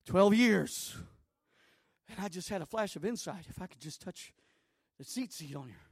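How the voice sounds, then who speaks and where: A male preacher voicing a long-sick woman who rushes through a hushed, confiding account of her healing. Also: sits high, vocal fry, no room sound, clean studio sound, heavily acted. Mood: earnest. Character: sick woman pleading her healing story, middle-aged.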